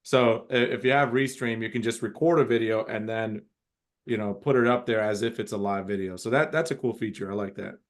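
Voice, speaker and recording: A man's voice: lowish voice, brisk. A middle-aged man hosting a casual group coaching call, talking in an encouraging, rambling way with frequent restarts.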